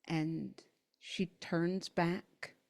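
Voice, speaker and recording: A woman narrating a tabletop role-playing game as game master, in slow, halting, dramatic phrases. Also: fairly low pitch, creaky, darkish tone.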